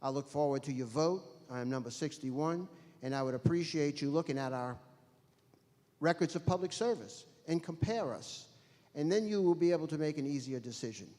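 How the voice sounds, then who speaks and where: A man's voice: on the high side, a little fast. Businesslike man, echoing hall. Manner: steady, lists priorities, businesslike. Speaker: candidate for parish president. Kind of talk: closing statement at a candidates forum. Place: school auditorium. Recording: reverberant auditorium with long echo.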